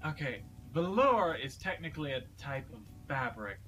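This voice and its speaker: Bright-voiced man playing a tabletop game. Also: medium pitch, very animated, normal speed. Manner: wry, polite in character. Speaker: player. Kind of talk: casual tabletop play.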